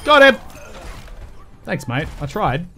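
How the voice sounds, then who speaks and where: A young Australian man streaming a shooter game, loud and joking, swearing as he calls out plays. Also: on the high side, very animated, takes it slowly, music in the background. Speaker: gaming streamer. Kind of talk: excited gameplay chatter.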